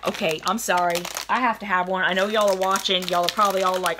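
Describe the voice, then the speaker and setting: A young woman chatting in a gushing, excited way while unboxing snacks for her viewers. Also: mid-range voice, fast, few pauses, noisy background. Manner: gushing and chatty, lots of oh my goodness. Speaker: vlogger unboxing a snack box. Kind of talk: casual chat.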